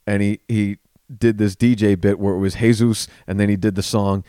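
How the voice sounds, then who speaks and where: A man, a comedian guest on a podcast, telling stories in casual chat with lively swearing. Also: on the low side, normal speed, smooth, dry recording, studio quality. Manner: animated storyteller, swears freely.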